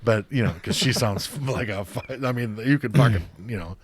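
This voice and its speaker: A man's voice: mid-range voice, moderate pace. A man co-hosting a podcast in casual chat, rambling with many fillers and frequent swearing. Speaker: podcast co-host.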